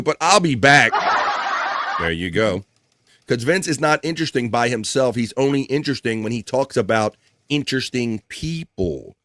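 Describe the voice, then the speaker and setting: A man's voice: medium pitch, fairly bright tone, dry recording, clean studio sound. A man hosting a casual live stream, joking around and reading viewer comments aloud. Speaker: show host.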